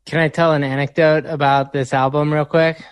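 A man casually telling an anecdote in a relaxed, halting way with a few restarts. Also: on the high side, smooth, dry recording, clean studio sound.

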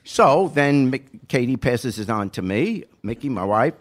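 A man's voice: mid-range voice, measured pace. An older man, a podcast host, telling a family story in casual chat and acting out the quotes. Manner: animated storyteller, acts out quotes.

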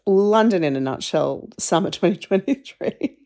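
A woman's voice: mid-range voice, lively intonation, normal speed, warm tone. A woman podcast co-host chatting in a breezy, rambling way in a casual voice memo. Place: walking around a city, sending voice memos.

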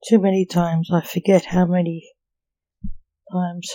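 A storyteller reading the lines of a talking red fox who asks blunt, probing questions, in a slow, mellow voice. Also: medium pitch, level tone, dry recording, close to an everyday voice, rough recording.

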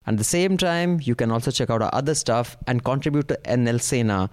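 A man's voice: mid-range voice, fairly quick, few pauses. A man with an Indian English accent hosting a casual political podcast, rambling through the news with jokes. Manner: joking, rambling news rundown. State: out of breath. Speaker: podcast host.

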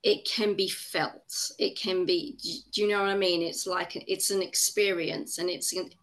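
A woman's voice: lowish voice, steady tone, normal speed, a bit bright. A woman hosting a podcast interview, asking questions and reflecting back on her guest's answers in an encouraging way. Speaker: podcast host. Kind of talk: interview conversation.

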